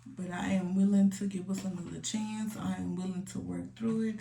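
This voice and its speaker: A young woman vlogs from home in a candid, slangy, confessional way, now and then sinking into soft asides. Her voice has a gravelly edge, and it sits a little back from the mic in a roomy-sounding space with a faint hiss behind it. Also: mid-range voice, little pitch movement, moderate pace, distant mic, faint music behind. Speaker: vlogger. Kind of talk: casual confessional chat. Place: home room.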